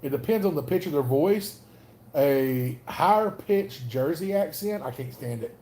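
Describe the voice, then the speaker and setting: A man with a Southern Alabama accent talks in a loose, rambling way as he hosts a livestream chat. His voice sits a bit high for a man and has a mellow, warm tone. He keeps stopping to greet viewers by name. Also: animated, measured pace, slight background noise. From North Alabama. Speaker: livestream host.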